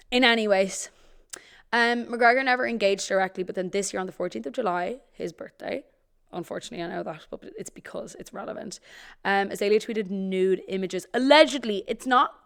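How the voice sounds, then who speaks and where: A woman's voice: mid-range voice, brisk, gravelly, a bit bright, clean tone. A young Irish woman co-hosting a podcast, chatting casually, gossiping and swearing freely. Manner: gossipy, swears freely, reads tweets aloud. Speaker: podcast co-host. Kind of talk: casual chat.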